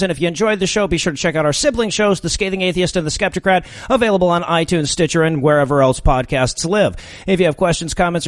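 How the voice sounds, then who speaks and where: A quick-talking man hosts a comedy podcast, his voice a little high and recorded dry and close on a studio mic. He is wry and brisk and laughs easily. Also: dry recording. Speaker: podcast host. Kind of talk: casual podcast chat and outro.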